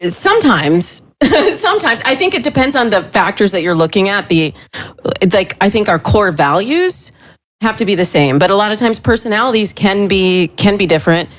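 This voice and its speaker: A woman's voice: mid-range voice, expressive, moderate pace. A woman dating coach chatting casually, talkative and explaining her views. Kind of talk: casual chat.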